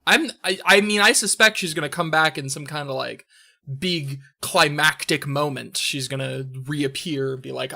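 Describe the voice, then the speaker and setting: A woman's voice: low voice, normal speed, gravelly, pushed and bright. A woman chatting casually as she streams a story game, rambling with lots of filler words, with game music playing behind. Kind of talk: casual live game commentary.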